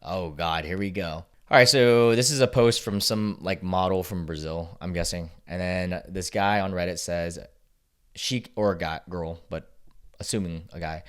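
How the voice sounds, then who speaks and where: A man's voice: low voice, normal speed, clean tone. A man hosts a casual reaction video, reading online posts aloud and mocking them. He talks sarcastically, breaks into laughter often and swears freely. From United States.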